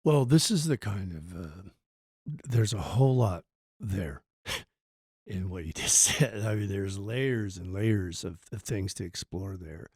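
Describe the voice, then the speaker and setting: A man's voice: sits low, lively intonation, takes it slowly, a little mellow, breathy edge, no echo, studio quality. A man hosting a podcast interview, speaking thoughtfully and a bit hesitantly. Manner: thoughtful, hesitant, many fillers and restarts. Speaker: podcast host. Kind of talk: casual interview conversation.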